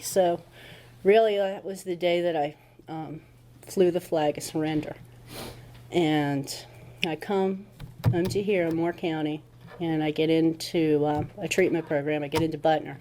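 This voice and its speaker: Low-voiced woman telling her recovery story. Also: warm tone, a little hiss or hum. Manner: conversational storytelling with acted-out quotes. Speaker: recovery meeting speaker. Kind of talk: personal testimony talk.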